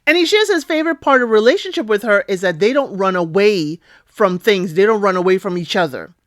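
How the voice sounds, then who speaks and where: A woman recapping a reality show in a chatty, expressive way, often asking "okay?" and calling out to her listeners. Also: mid-range voice, a little fast, no echo, clean studio sound. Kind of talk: casual recap commentary.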